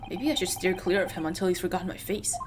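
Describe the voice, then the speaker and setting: A woman's voice: on the low side, quick pace, noisy background, lightly acted. A woman reading the lines of a wry, put-upon young man in an adventure game, in her own everyday voice.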